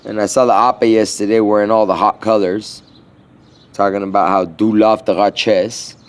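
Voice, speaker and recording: A man's voice: on the low side, little pitch movement, normal speed, clear, resonant tone. A man delivering a meandering, slang-filled spoken monologue, often trailing off and restarting his thoughts.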